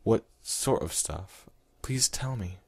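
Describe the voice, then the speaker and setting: A man's voice: on the low side, expressive, slow, vocal fry, slightly rough, no room sound, voice pushed up, exaggerated voice. A man doing a nervous young fangirl. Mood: pleading.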